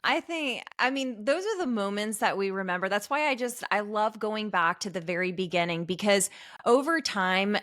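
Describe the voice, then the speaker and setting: A woman hosting a podcast interview, enthusiastic and slowing down when she asks questions. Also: mid-range voice, lively intonation, a bit bright, dry recording, studio quality. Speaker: podcast host. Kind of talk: casual interview chat.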